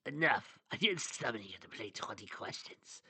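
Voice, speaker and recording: A man voicing a smug, scheming male villain with claws who talks smoothly. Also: medium pitch, lively intonation, normal speed, pushed and bright, no echo, exaggerated voice.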